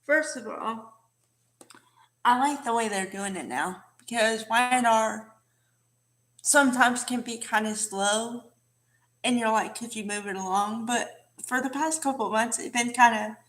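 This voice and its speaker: A woman's voice: a little high, sharp tone. A woman casually recapping a soap opera episode, chatty with many fillers and asides.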